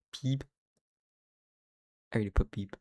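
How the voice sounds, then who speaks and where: A Canadian game streamer with a darkish tone chats casually on a livestream, giggling often and muttering to themselves. The recording is dry, with clean studio sound.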